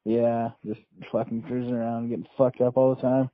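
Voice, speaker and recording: A man's voice: medium pitch, little pitch movement, moderate pace, dry recording. Give me a laid-back man on a tinny line. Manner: profane, laid-back reminiscing. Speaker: podcast host. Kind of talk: casual chat.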